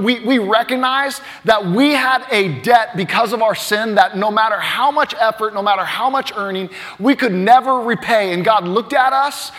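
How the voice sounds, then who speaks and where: Male pastor, earnest and emphatic, high-pitched, preaching in a reverberant sanctuary. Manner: earnest, emphatic, swings between loud and hushed. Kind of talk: sermon.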